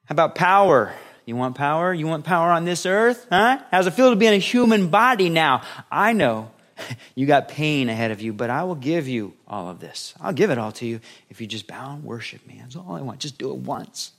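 A man's voice: a little high, lively intonation, brisk, a bit bright. Sly tempter, mocking and coaxing, a male preacher doing a devil's voice. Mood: taunting.

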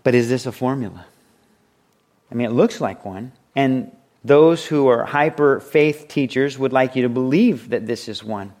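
A man's voice: medium pitch, normal speed, darkish tone. A man preaching a sermon in a chatty, conversational way, asking rhetorical questions and swinging his voice up and down for effect. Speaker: pastor.

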